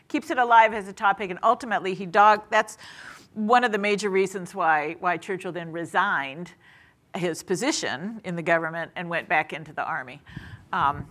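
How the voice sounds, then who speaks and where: A woman's voice: fairly low pitch, bright, forceful tone. A middle-aged woman author telling a story in a chatty, casual way, with fillers, asides and laughter. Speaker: guest author. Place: senior center event room.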